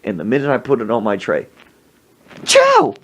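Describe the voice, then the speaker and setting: Animated man telling stories on a podcast. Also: on the low side, racing. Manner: animated anecdote telling with acted-out sneezes and voices. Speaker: podcast host. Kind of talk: casual storytelling.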